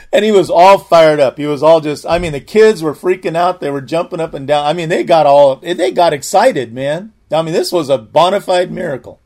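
A man's voice: fairly high pitch, moderate pace, a little mellow. A man preacher telling a personal testimony in a sermon, earnest and full of restarts. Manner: earnest storytelling, frequent restarts.

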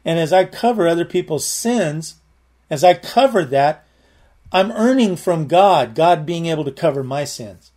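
Man, preacher, sermon, earnest, repetitive, slightly high voice. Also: expressive, measured pace, a little mellow. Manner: earnest, repetitive, explains word meanings step by step. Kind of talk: sermon Bible teaching.

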